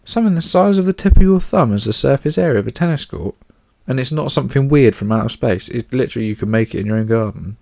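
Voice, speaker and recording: A man's voice: medium pitch, lively intonation, quick pace, vocal fry, hardly any pauses, warm tone. A man hosting a casual solo podcast, chatty and rambling, swearing offhandedly and fighting off yawns. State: yawning. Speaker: podcast host.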